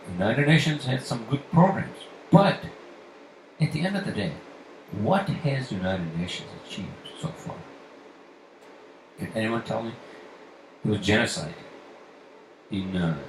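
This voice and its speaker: A man hosting his own podcast in a loose, profane rant, his voice climbing high when he gets worked up. He sits back from the mic in a roomy, echoey space with a faint hiss underneath. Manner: profane, ranting, rising to near-shouting. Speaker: podcast host. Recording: echoey room, far from mic, faint noise.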